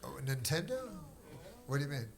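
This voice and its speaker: A middle-aged man from Canada doing stand-up crowd work, with rambling, deadpan, drawling storytelling. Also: medium pitch, moderate pace, gravelly. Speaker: stand-up comedian. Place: comedy club stage. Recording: live club set with a loud crowd. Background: audience laughter.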